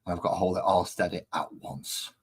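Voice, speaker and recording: A man's voice: low-pitched, level tone, a little fast, slight background noise. A man casually chatting on a live stream while painting models, rambling and easily distracted.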